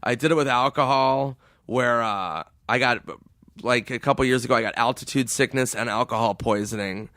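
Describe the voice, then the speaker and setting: A man telling stories in casual chat, laughing as he goes and jumping into a high put-on voice to quote people. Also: normal speed, pushed and bright, dry recording. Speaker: comedian guest. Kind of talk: casual storytelling.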